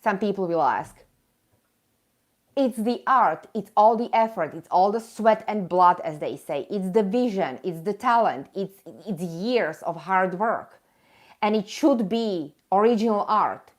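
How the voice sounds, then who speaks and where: A woman hosting a live stream rants with indignant emphasis in an animated, mid-range voice that runs a little slow. She keeps breaking into chatty, self-mocking asides to her viewers.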